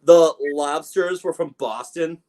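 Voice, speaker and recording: A man's voice: on the high side, takes it slowly, background noise. A man co-hosting a movie podcast in casual chat, rambling and joking through long asides. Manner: rambling, jokey, trails into asides. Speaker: podcast co-host.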